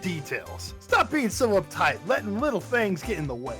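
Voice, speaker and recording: Man putting on a Southern woman's voice, brash photographer, folksy drawl, lively swooping pitch, music behind. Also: moderate pace. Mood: sassy. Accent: Southern US, put on. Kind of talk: game dialogue read-along.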